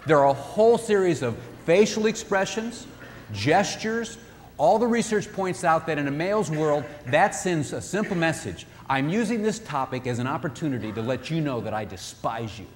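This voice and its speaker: A man giving a sermon-style talk on marriage, animated, acting out what spouses say. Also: on the high side, normal speed, in a large hall, a little hiss or hum. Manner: animated, acts out spouses' voices. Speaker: marriage speaker.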